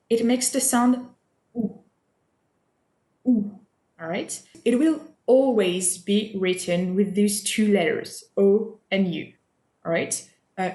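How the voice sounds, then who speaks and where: Her voice is on the high side and a little mellow as she leads a recorded French pronunciation lesson, the room around her echoey. She patiently repeats sounds and keeps checking with the listener, asking "all right?".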